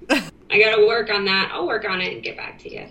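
A woman's voice: mid-range voice, normal speed, pushed and bright, low-quality recording. A woman co-hosting a podcast in casual, playful chat, often giggling. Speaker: podcast co-host.

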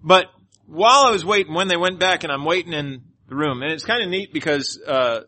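A male pastor preaching, telling a story in an animated way and leading a closing prayer. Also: fairly high pitch, fairly quick. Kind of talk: sermon with personal storytelling.

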